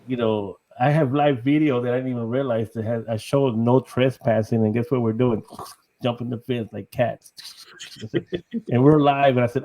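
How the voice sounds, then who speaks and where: A man's voice: mid-range voice, fairly even intonation, moderate pace, dark tone, poor audio. Middle-aged guy from texas rambling on a podcast, laughs a lot, keeps saying you know. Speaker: guest, paranormal investigator. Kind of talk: casual podcast chat.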